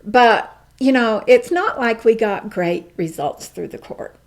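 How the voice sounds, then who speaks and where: A middle-aged woman guest telling a personal story in an interview, emphatic and animated, acting out the dialogue. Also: on the high side, unhurried.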